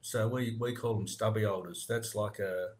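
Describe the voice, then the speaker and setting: A man's voice: on the low side, steady tone, moderate pace, darkish tone. A man with an Australian accent, hosting a podcast and explaining local slang in crude, laid-back casual chat. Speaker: podcast host.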